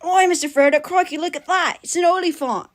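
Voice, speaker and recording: A woman's voice: very high-pitched, fairly quick, voice pushed up. A woman voicing a cheerful male hobbit with a put-on Australian accent. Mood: excited. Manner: exclaiming, bouncy, playful.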